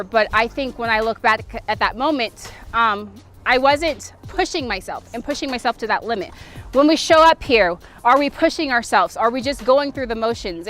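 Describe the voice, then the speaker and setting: A woman in her thirties, a former softball player, telling a lively motivational story to camera. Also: a little high.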